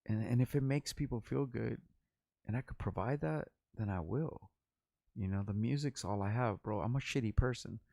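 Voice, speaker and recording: A man's voice: medium pitch, moderate pace, gravelly, dark tone, dry recording, studio quality. A man in his forties from Los Angeles, a rapper talking in a rambling, profane and candid vlog monologue.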